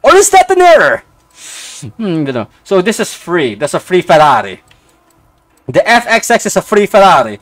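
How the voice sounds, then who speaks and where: Excitable young man streaming a racing game. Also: high-pitched, fairly quick. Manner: excitable, swings from mumbling to outbursts. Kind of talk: casual live-stream commentary.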